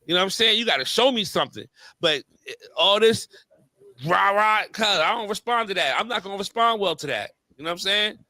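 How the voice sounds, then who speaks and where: A man's voice: high voice, lively intonation, fairly quick, bright, forceful tone, no echo. A man hosting a podcast, telling stories in casual chat with heavy slang and fillers. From New York area. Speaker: podcast host.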